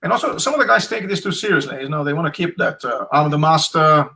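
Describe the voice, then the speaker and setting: Man, Essex accent, middle-aged, gravelly, bright tense tone, chatty storyteller, video call. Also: a little high, big pitch swings, quick pace, poor audio. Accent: Essex English. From England. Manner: chatty, storytelling with acted quotes, frequent restarts. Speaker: Krav Maga instructor, guest. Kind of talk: casual interview over video call.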